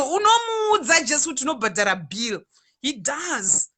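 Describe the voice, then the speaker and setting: A woman's voice: on the high side, big pitch swings, moderate pace, sharp tone. A Zimbabwean woman with a Zimbabwean accent, talking casually and animatedly to her viewers, switching between Shona and English. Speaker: online radio DJ and ministry speaker.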